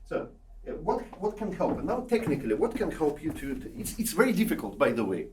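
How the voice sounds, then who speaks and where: Animated male piano teacher, far off in a roomy hall. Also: fairly high pitch, fast talker, slight background noise. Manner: coaxing, checks in with 'yeah?' and 'eh?' often, sings phrases to show them. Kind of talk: masterclass teaching. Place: recital hall or studio with a piano.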